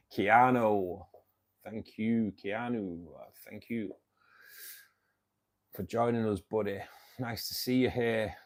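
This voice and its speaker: He's a man in his fifties from Manchester who runs a fishkeeping club livestream and keeps calling viewers "mate" in his Mancunian accent. The chat is casual, delivered slowly in a lowish voice with fairly even intonation and frequent pauses.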